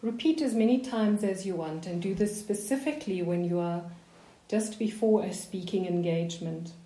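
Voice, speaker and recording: A woman leading a voice warm-up lesson, giving slow, calm, soothing breathing guidance. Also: lowish voice, echoey room. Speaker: voice coach. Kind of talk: guided voice warm-up instruction.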